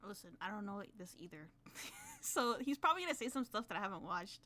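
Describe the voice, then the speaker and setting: A woman streaming a reaction to a video, talking excitably and shouting and laughing when she protests. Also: mid-range voice, fast. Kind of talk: live reaction commentary.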